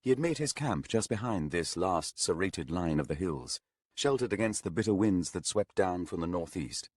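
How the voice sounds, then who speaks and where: A man reading a fantasy audiobook aloud in a measured, low-key narration. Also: lively intonation, darkish tone, dry recording. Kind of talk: scripted narration.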